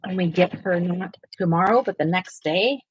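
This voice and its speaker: A woman's voice: lowish voice, normal speed, husky, no room sound, dull audio. A woman hosting a coloring livestream, chatting casually and talking to her viewers in the chat as she colors. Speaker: livestream host.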